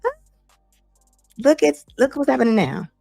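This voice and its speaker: A middle-aged woman hosting a talk show, giving blunt, animated opinion commentary and laughing often. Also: high voice, moderate pace, creaky, faint music behind. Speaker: host.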